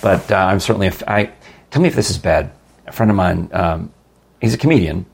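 A man with a very low, gravelly voice hosts a casual podcast. He rambles through an ad read and friendly chat, with a husky edge to his tone. He laughs easily between his points. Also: lively intonation, fairly quick. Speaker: podcast host.

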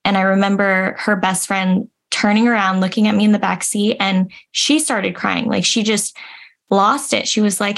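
A woman's voice: mid-range voice, steady tone, normal speed, creaky, fairly bright tone. Earnest young woman talking reflectively. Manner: earnest, reflective, many restarts. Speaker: guest. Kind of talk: casual interview conversation.

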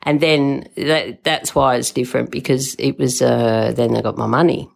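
Gravelly older woman. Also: extremely low pitch, steady tone, normal speed. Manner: emotional, swears freely, rambling. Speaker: podcast host. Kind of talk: casual storytelling monologue.

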